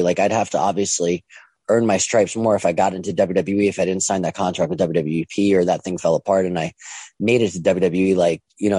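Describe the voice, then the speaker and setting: A young man telling his own story casually, halting with many ums and restarts and acting out what others said. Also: low-pitched, dark tone, no echo. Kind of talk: casual first-person storytelling.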